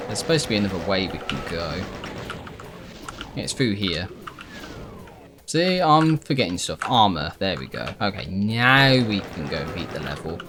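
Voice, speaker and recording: A man's voice: sits low, lively intonation, moderate pace, noisy background. A man giving casual, rambling commentary as he plays a video game, correcting himself often and swearing when frustrated. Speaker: gaming YouTuber.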